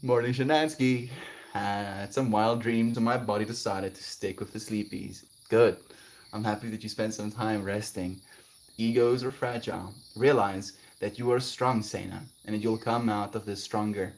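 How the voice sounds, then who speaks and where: A man livestreaming, chatting gently and affectionately with viewers about kindness and spirituality. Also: steady tone, normal speed. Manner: gentle, spiritual, affectionate, breaks into high laughing bits. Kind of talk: casual chat reading viewer comments.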